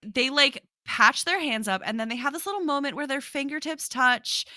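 A woman co-hosting a podcast, excitedly recapping a TV show in casual chat, swearing and laughing often. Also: high voice, moderate pace, no echo, studio quality. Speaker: podcast co-host.

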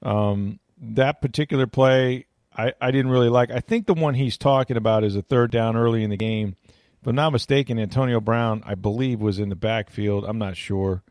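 A man's voice: mid-range voice, normal speed, a little mellow, no echo, clean studio sound. A man talking football as a guest analyst in casual radio chat, rambling with many fillers and restarts.

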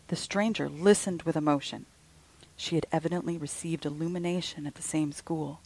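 A woman hosting a podcast, reading a ghost story aloud in a slow, hushed way. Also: low voice, fairly even intonation, poor audio. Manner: slow, breathy, with soft hushed passages.

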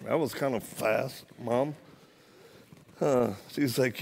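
A man's voice: mid-range voice, takes it slowly, gravelly, pauses often, darkish tone, slight background noise. A man, a former Marine, preaching a sermon in a church, telling a funny story with acted-out dialogue. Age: adult, former Marine. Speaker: guest preacher. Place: church, live audience.

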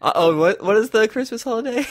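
A man playing his character in a tabletop role-playing game, animated and laughing often, close to the microphone. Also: high voice, brisk. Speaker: player.

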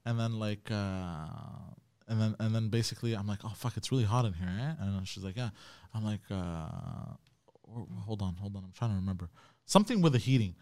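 A man's voice: fairly low pitch, fairly quick, warm tone, no echo, studio quality. A man co-hosting a podcast, telling a rambling, slightly sheepish dating story in casual chat. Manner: rambling, a bit sheepish, laughs often. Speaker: podcast co-host.

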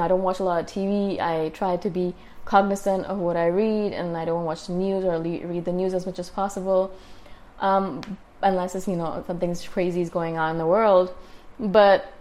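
A woman's voice: medium pitch, mellow. A woman hosting her own podcast, talking casually and rambling with lots of fillers and restarts. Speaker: podcast host. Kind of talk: casual solo talk. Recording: solo podcast.

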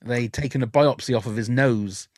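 A man chatting on a podcast, voice at an ordinary middle pitch and recorded close and dry with no room sound. He tells candid stories and often restarts his sentences as he goes. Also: moderate pace, no room sound. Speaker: podcast guest. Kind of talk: casual podcast chat.

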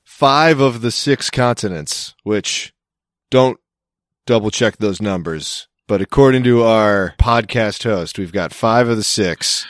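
A man's voice: fairly low pitch, takes it slowly, no room sound, studio quality. A man co-hosting a comedy podcast, talking in loose, rambling banter and swearing freely. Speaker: podcast co-host.

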